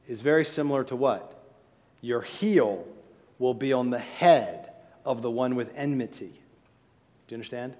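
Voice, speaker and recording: A man's voice: moderate pace, long pauses. Man preaching in a reverberant hall. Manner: expressive, rising to emphatic peaks then dropping low. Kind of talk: sermon. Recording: long reverb of a large hall.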